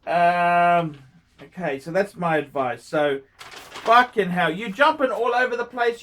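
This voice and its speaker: A man bluntly answering viewer questions, scolding and swearing, often clearing his throat. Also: high voice, fairly bright tone. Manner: profane, scolding, ranting; frequent throat clearing and coughs. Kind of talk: blunt advice monologue.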